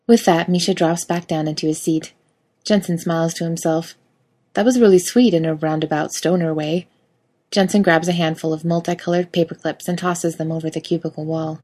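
A woman reading a fan fiction story aloud with wry, lively storytelling. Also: low voice, fairly quick. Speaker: reader.

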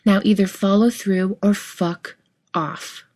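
A woman's voice: mid-range voice, fairly even intonation, takes it slowly, darkish tone, pitched above the performer's own voice. A woman reading the lines of a hot-tempered young man who swears and bites out his words, in an audiobook of fiction. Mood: furious, shouting. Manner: blunt, swearing, biting.

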